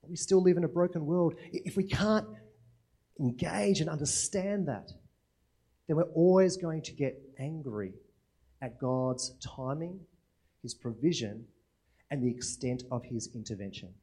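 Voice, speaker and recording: A man's voice: fairly high pitch, lively intonation, measured pace, warm tone, slightly rough. A man preaching a sermon in a conversational way, often asking rhetorical questions and checking in with "right?".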